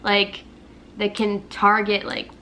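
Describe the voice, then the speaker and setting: A woman's voice: medium pitch, completely flat delivery, takes it slowly, sharp tone, slight background noise. A woman in her twenties chatting casually at home as a vlogger, filling her talk with filler words. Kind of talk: casual couple chat. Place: home, with a pet dog.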